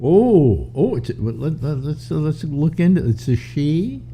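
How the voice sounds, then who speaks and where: An older man hosts a talk show from home, rambling and restarting as he chats. His voice is mellow and swings around a lot in pitch, a little stuffy from a runny nose. A faint hum sits underneath. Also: big pitch swings. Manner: rambling, chatty, halting restarts. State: stuffy nose, slightly short of breath. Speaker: radio talk show host. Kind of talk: casual call-in chat. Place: home studio in New York.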